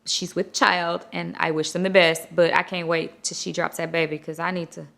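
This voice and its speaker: A woman hosting a casual chat show, talking in an animated, chatty and playful way. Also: fairly low pitch, normal speed, gravelly. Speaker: host.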